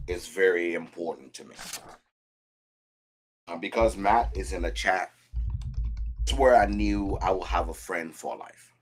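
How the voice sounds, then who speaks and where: A man chatting casually as a contestant on a whiskey show, animated and telling personal stories with frequent restarts. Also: low voice, a little hiss or hum. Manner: animated, storytelling with repeated restarts. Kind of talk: casual chat.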